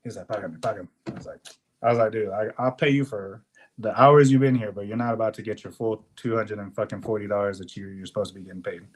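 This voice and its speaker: Profane, animated young male storyteller. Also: lowish voice, fast talker. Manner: animated, profane, swears often, acts out quotes. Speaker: podcast co-host. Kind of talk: casual storytelling.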